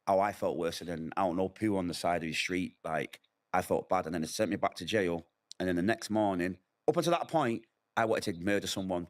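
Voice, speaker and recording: A man's voice: low-pitched, a little fast. A middle-aged man telling his own hard story in an interview, candid and emotional, acting out what people said. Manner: candid, emotional storytelling with vivid acted quotes. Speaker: interview guest. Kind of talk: personal testimony in a sit-down interview.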